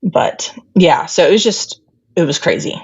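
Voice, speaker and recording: A woman's voice: lowish voice, animated, unhurried, a little mellow, breathy edge, no echo, highs cut off. A woman guest candidly recounting a family story, retelling conversations with lots of fillers. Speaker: interview guest. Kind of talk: personal storytelling.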